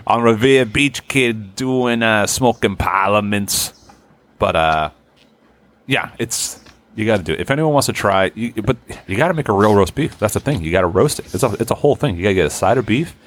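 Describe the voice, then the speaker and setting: A man's voice: on the low side, animated, a little fast. A man co-hosting a podcast in casual chat, laid-back and swearing freely. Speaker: podcast co-host.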